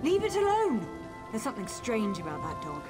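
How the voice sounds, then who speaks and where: A cautious companion in a fantasy game, high-pitched and very lively. Loud music plays under her lines. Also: fairly quick. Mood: wary. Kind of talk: video game voice acting.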